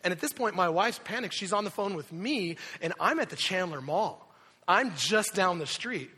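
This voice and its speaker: A man preaching a sermon, telling a personal story with lively asides and quick impressions of the people in it. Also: sits high, slightly rough. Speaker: pastor. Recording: reverberant hall.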